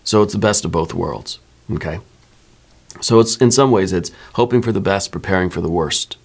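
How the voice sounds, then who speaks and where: Deep-voiced man giving a tarot reading. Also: moderate pace, vocal fry. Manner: relaxed, musing, often checks in with "right?". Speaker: tarot reader. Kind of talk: soft-spoken tarot reading.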